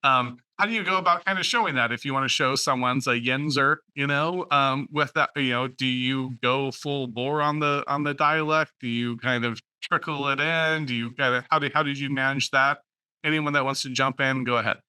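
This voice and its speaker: A man hosting a writers' panel, asking long, meandering questions strung together with "like" and "um". His voice is very bright and smooth, recorded dry and close with little room sound. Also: mid-range voice, moderate pace, no room sound. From West Virginia and Western Pennsylvania. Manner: rambling, full of fillers like "like" and "um". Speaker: podcast host moderating the panel. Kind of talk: casual roundtable chat.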